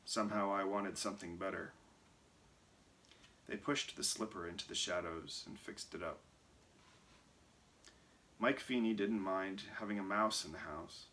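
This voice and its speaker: A man reading a picture book aloud in an expressive, lively way. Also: low voice, unhurried, pauses often, slight background noise. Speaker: reader.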